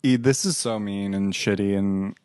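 A woman's voice: a bass voice, moderate pace, a little mellow, no echo, clean studio sound. A woman guest in a casual chat, playful, often gasping and giggling in reaction.

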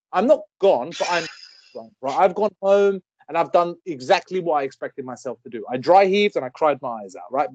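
A man in his thirties telling a story on a casual podcast, animated and swearing freely. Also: on the high side, dry recording, dull audio. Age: 30s. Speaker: podcast co-host. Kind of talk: casual chat.

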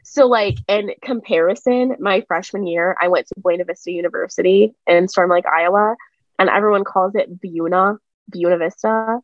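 A woman's voice: mid-range voice, moderate pace, dry recording, highs cut off. A young adult woman co-hosting a podcast, talking casually and emphatically. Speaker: podcast co-host. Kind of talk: casual chat.

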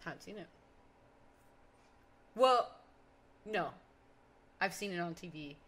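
A woman's voice: fairly low pitch, expressive, slow, fairly bright tone. Young woman, rambling casual chat. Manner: rambling, filler-heavy, says "like" a lot. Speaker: podcast co-host.

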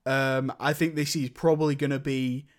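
A man's voice: medium pitch, little pitch movement, normal speed. A young man in casual chat, reviewing films with a rambling manner and many restarts. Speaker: podcast co-host reviewing films.

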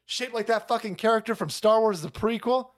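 A man's voice: high-pitched, a little fast. A man hosting a profane, sarcastic political comedy rant on his stream. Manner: animated, foul-mouthed, sarcastic. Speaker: streamer host.

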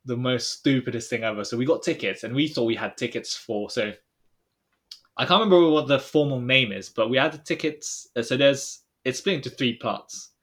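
A man's voice: medium pitch, a little fast. Rambling young man telling a story. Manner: rambling storyteller, trailing off quietly, many fillers. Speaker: podcast co-host. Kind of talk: casual chat.

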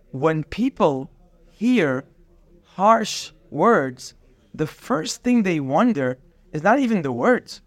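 A man's voice: fairly high pitch, takes it slowly, no room sound. A man teaching a daily Torah class, acting out bits of dialogue and mixing in Hebrew terms. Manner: animated, acts out dialogue, mixes in Hebrew terms.

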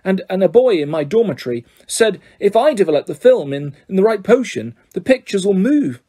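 A man's voice: sits high, very animated, a little fast, mellow, voice pushed up. A man voicing a small, starstruck schoolboy who talks breathlessly and stammers with eagerness. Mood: eager.

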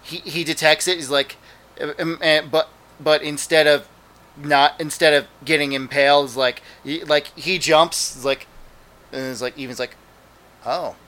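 A man's voice: a little high, fairly even intonation, normal speed, bright, forceful tone. A man co-hosting a casual chat, adding ideas in a laid-back way. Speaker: podcast co-host.

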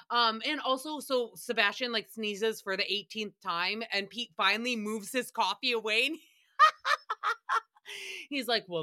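A woman's voice: mid-range voice, sharp tone. A young woman hosting a podcast recap, ranting in an exasperated, profane and sarcastic way. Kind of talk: solo comedic rant.

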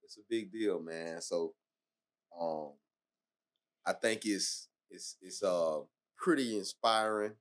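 A man's voice: low voice, slow pace. A man hosting a podcast who asks rambling, hesitant questions full of restarts. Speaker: podcast host. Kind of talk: casual interview talk.

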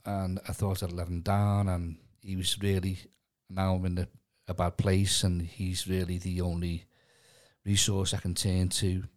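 A man sharing his own story on a podcast, hesitant and halting with frequent pauses. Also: deep voice, level tone, a little mellow. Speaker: podcast co-host. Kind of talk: casual personal testimony.

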